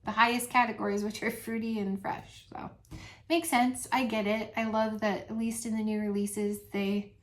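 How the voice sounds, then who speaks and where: A middle-aged woman talking casually to her channel's viewers, soft-spoken, with many pauses and frequent little laughs. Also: a little high, level tone. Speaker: channel host. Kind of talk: casual vlog chat to viewers.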